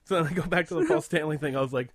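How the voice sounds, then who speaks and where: A man's voice: on the high side, very fast, no room sound. Laughing, swearing man telling a story. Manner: laughing storyteller, swears often, puts on loud impressions. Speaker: podcast co-host. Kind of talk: casual chat.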